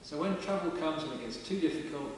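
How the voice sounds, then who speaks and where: In a big stone parish church, a vicar gives a sermon in a plain-spoken, conversational way, sounding animated, a little high, and fairly quick. A far-off camera mic records it, leaving echo and hiss.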